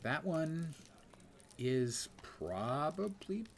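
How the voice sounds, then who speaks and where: A man's voice: fairly high pitch, sing-song, very slow, a little hiss or hum. An older man streaming a game, giving casual, wry, self-mocking commentary and reading quest text aloud.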